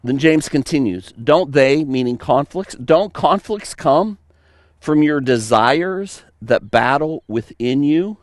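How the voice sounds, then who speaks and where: A male pastor delivering a sermon in an unhurried, deliberate way. His voice sits somewhat high and swings widely in pitch as he acts out little scenes. The sound is close and dry. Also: no room sound. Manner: animated storytelling with mock voices and laughs.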